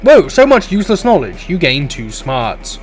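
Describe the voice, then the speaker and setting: A man reading a comedy game aloud, animated and giggly, cursing casually between lines. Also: fairly high pitch, moderate pace, soft background music. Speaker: game streamer voicing all characters. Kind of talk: reading a visual novel aloud with laughs and asides.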